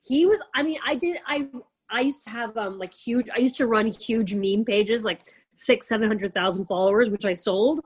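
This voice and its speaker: A woman chatting casually as a guest, her voice slightly high and husky. She giggles a lot and acts out the people in her stories. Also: moderate pace. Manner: giggly, animated storyteller. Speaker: podcast guest, influencer. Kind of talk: casual chat.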